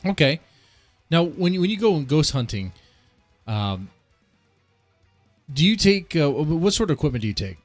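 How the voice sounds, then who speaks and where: A man's voice: a little high, very animated, moderate pace, pauses often, no room sound, faint music behind. Man host on a dry, close mic. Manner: reactive, repeats phrases, many fillers. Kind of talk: radio show interview.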